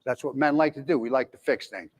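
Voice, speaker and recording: A man in his forties tells his own recovery story with plain candor. His voice sits at an ordinary middle pitch, and he rambles, restarting sentences and leaning on fillers as he talks. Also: fast. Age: 40s. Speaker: speaker in recovery. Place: jail, indoors.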